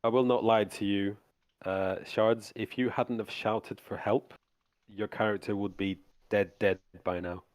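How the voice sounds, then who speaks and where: A man narrating as game master of a tabletop game on a live stream, relaxed and halting with many restarts. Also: fairly low pitch, no echo, studio quality.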